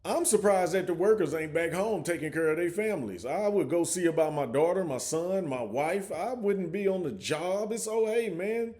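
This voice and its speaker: A man's voice: a little high, animated, moderate pace, few pauses, darkish tone. A man hosting a casual reaction commentary, talking conversationally with frequent stammering restarts. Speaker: commentary host.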